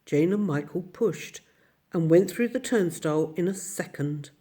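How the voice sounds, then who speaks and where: A woman reading a children's story aloud as narrator, steady and expressive. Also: on the low side, a little slow. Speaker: audiobook narrator.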